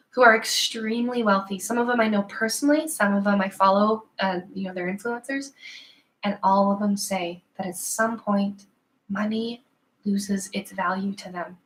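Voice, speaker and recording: A woman's voice: mid-range voice, a bit bright, low-quality recording. A woman in her thirties hosting a live-stream motivational talk in a casual, earnest, chatty way with slang. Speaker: host of a live video show.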